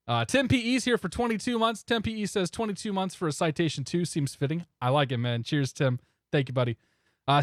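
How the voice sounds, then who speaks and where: A man streaming a flight simulator, chatting casually and in a relaxed way with viewers, often chuckling. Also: fairly high pitch, no echo, studio quality. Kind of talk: casual live-stream chat.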